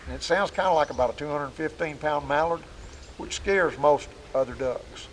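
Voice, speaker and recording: In a woodland hunting lesson, a man with a fairly high voice shows how to make duck calls, explaining at an ordinary pace in a homespun, plainspoken style. The recording is low quality with a faint hiss or hum.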